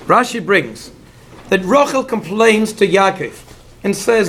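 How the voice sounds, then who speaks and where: A Torah teacher explains commentaries in a lecture that blends English with Hebrew terms. His voice sits high and he speaks unhurriedly, with a little hiss or hum in the audio, while he animatedly acts out the figures in the story.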